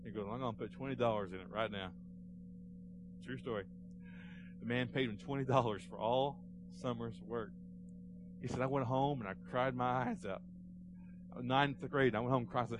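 A pastor delivering a Sunday sermon in a church, telling a story with rising fervor and then dropping to a hushed close. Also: male voice, mid-range voice, normal speed, long pauses, a little hiss or hum, rough recording. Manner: storytelling, swelling to fervent emphasis then hushed prayer. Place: church sanctuary.

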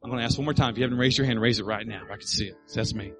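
A man's voice: mid-range voice, very fast, music in the background, low-quality recording. A middle-aged male pastor preaching a sermon, telling a family story and building to emphatic appeals.

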